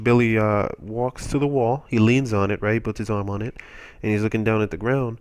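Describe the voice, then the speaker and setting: A man's voice: on the low side, steady tone, brisk, smooth. A young man commentating over gameplay, telling a rambling, self-mocking comic story with playful exaggeration.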